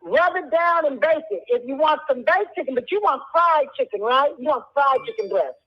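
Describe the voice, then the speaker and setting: A woman's voice: sits high, expressive, fairly quick, lo-fi sound. A woman hosting a radio call-in show, coaching a caller with teasing repetition.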